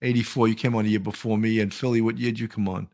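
A man in his sixties, a former police officer hosting a podcast, chatty and animated, laughing often. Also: lowish voice, very fast. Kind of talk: casual podcast chat.

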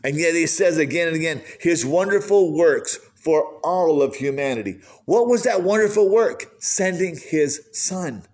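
A pastor preaching an earnest sermon, asking the listeners question after question. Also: male voice, a little high, animated, measured pace, hardly any pauses, darkish tone.

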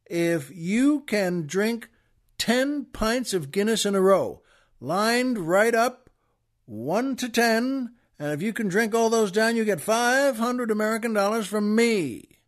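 A man playing a big, loud, brash Texan cowboy who booms out slow, boastful lines. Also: animated. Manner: booming, drawn-out boasting.

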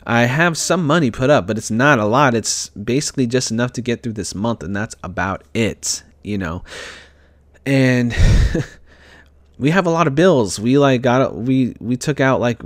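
Young guy vlogging, stressed and rambling, mid-pitched voice, dry sound. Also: lively intonation, measured pace, no room sound. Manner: rambling, with frequent restarts and fillers. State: upset and stressed. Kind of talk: casual storytelling.

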